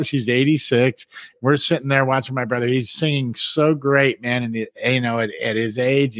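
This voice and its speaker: Male host, middle pitch, chatty and rambling, dry studio mic. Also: no echo. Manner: rambling storyteller, keeps saying "man" and "you know". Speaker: show host. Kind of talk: casual talk show chat.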